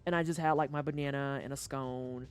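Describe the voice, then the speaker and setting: A livestreamer chatting casually over a video game, joking and swearing, with sudden high-pitched outbursts. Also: fairly even intonation, brisk, smooth, faint music behind. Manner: chatty storytelling aside while playing. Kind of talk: casual gameplay commentary.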